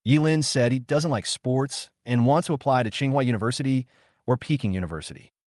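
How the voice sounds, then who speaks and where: A man narrating a comic story recap in a steady storytelling manner. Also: mid-range voice, a little fast, no room sound, clean studio sound.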